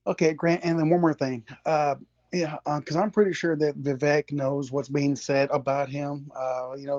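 Halting, higher-voiced male caller. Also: dark tone, no echo, highs cut off. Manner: halting, full of fillers, searching for words. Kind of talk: casual call-in chat.

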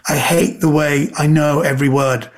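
A man's voice: on the high side, steady tone, normal speed. A middle-aged man, a comedian guest on a podcast, chatting casually and telling rambling stories, acting out the quotes.

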